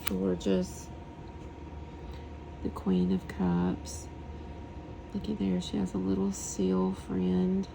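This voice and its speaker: A woman reviewing a tarot deck in a soft, hushed voice, often slipping into whispers and lingering on words as she gushes over the artwork. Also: lowish voice, monotone, takes it slowly, creaky, pauses often, background noise. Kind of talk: soft-spoken tarot deck flip-through.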